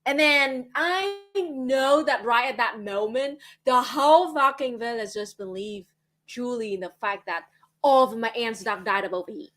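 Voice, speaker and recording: A woman with a Vietnamese accent hosting a casual livestream chat, candid and quick to laugh. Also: fairly high pitch, a bit bright. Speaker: livestream host.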